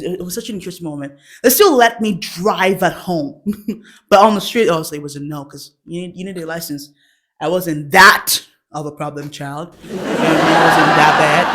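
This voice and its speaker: A woman's voice: fairly low pitch, lively intonation, normal speed, fairly bright tone. Giggly young woman telling childhood stories. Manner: giggles often while telling stories, acts out quotes. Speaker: comedy show host. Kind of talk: laughing personal storytelling.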